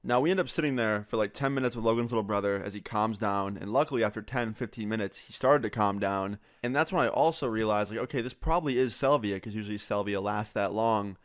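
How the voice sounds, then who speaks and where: A man's voice: fairly low pitch, dry recording. Young man telling a story, dry close sound. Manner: animated, quotes friends in quick back-and-forth, many "like" fillers. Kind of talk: casual storytelling.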